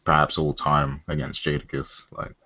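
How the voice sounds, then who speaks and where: A man co-hosting a casual hip hop podcast, talking in a measured, hesitant way with many pauses. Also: very deep voice, completely flat delivery, sharp tone, slightly rough, no room sound, dull audio. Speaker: podcast co-host.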